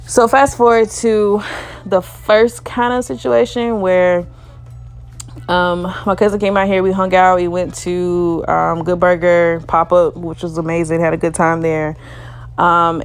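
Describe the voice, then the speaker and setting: Gravelly-voiced young woman telling a story. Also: fairly low pitch, level tone, unhurried. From Alabama. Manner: chatty, leans on "you know", laughs often. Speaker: dating story vlogger. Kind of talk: casual storytelling.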